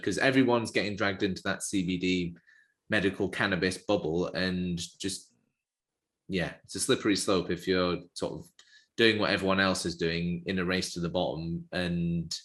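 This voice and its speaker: Deep-voiced man, earnest guest. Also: fairly bright tone. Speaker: podcast guest. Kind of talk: casual podcast conversation.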